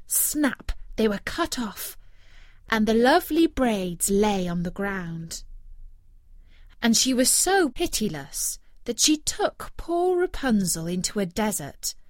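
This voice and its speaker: A woman reading a fairy tale aloud in an expressive, storytelling way. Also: fairly high pitch, dry recording, clean studio sound.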